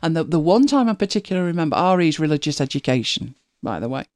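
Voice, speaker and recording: Co-host, middle-aged woman; animated, laughs easily, very expressive pitch. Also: quick pace, no room sound, studio quality. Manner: chatty, laughs often, animated storytelling. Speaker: podcast co-host. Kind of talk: casual chat.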